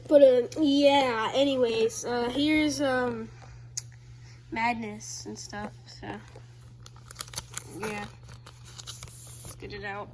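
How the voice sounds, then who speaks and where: A woman casually walking through her own homemade comics, rambling and full of fillers, now and then bursting into loud high character voices. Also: steady tone, drawn-out words, long pauses, background noise. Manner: rambling, filler-heavy, loose storytelling. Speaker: creator reading own comics. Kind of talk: casual chat.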